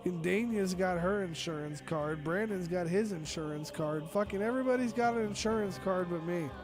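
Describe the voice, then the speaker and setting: A man with a fairly high voice talks into an online call, coughing and sick. He rants in a profane, exasperated way during a casual chat, and faint music plays behind him. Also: moderate pace.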